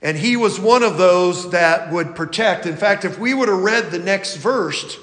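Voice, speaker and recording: A man preaching in a high, light voice, slow and deliberate, as he reads scripture and talks to his congregation. His words ring out with a long reverb from a large church sanctuary. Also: fairly bright tone. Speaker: pastor. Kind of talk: sermon.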